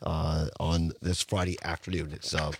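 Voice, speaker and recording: A man's voice: very deep voice, level tone, normal speed, husky. A man hosting a local radio talk show, chatty and full of fillers, with a scratchy voice from being sick. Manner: chatty, with many fillers and restarts. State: hoarse from illness.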